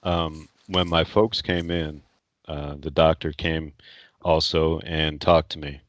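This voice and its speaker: A man with a notably low voice talks through his own story as a podcast guest. He is candid and blunt and curses without hesitation. The sound is dry, with no room echo. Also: level tone, takes it slowly. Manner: candid, blunt, swears freely, laughs while telling stories. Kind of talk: casual interview storytelling.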